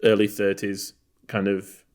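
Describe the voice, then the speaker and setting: A man's voice: on the low side, completely flat delivery, unhurried, a little mellow. A man co-hosting a film podcast, from Texas, talking in a loose, rambling way with lots of fillers and restarts. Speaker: podcast co-host. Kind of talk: casual film chat.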